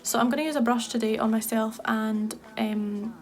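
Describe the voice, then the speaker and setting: Young Scottish woman, makeup artist, chatty and enthusiastic, pitched a touch high. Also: fairly even intonation, normal speed, a little mellow. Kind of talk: casual makeup tutorial chat.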